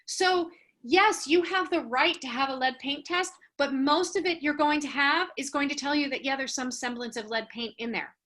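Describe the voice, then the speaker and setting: Woman, 30s, real estate team lead coaching her agents: brisk, animated, a bright and forceful voice set a little high. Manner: brisk and animated, acting out client dialogues. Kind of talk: casual team training talk.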